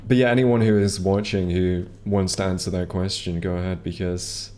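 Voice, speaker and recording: A man's voice: deep voice, fairly even intonation, moderate pace, mellow. A man streaming a video game, chatting casually to viewers, rambling with many ums and restarts. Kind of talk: casual gameplay commentary. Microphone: headset or desk mic.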